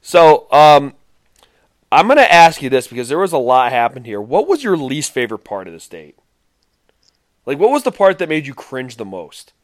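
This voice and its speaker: A man co-hosts a casual podcast, his pitch leaping around as he gets animated. He swears freely and laughs often. The sound is close and dry. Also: moderate pace, dry recording. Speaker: podcast co-host. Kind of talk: casual chat recapping a reality dating show.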